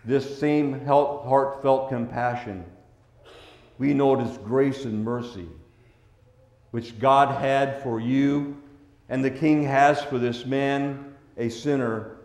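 A man preaching a sermon as a pastor, swinging between hushed, tender passages and loud, forceful ones. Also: mid-range voice, fairly even intonation, slow, roomy sound.

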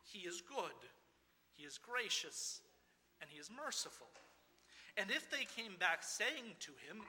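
A man's voice: high-pitched, animated, normal speed, bright, forceful tone, slight background noise. A man preaching a sermon as pastor, earnest and rhetorical, repeating phrases and asking questions of his listeners. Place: church. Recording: long reverb of a church hall.

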